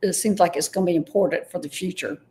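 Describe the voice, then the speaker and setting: A woman's voice: on the low side, quick pace, mellow. A woman giving a live-streamed intuitive reading, tentative and often unsure of the messages she passes on. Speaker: intuitive reader.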